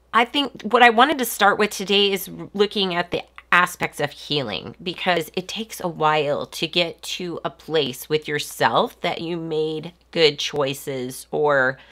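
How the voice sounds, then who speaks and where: A woman's voice: low-pitched, slow pace, bright, forceful tone. A woman in her forties with a stuffy, congested voice, hosting a live stream and talking in a casual, reflective way with lots of ums and restarts. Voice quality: nasal. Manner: hesitant, many ums and restarts.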